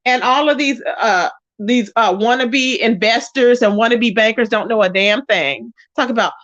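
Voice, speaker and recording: Sassy high-voiced woman gossip host. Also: moderate pace, few pauses, fairly bright tone, no room sound, lo-fi sound. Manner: sassy and blunt, scolding, frequent "child, okay?"; greets viewers by name mid-rant. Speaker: YouTube commentary host. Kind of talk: casual gossip commentary livestream.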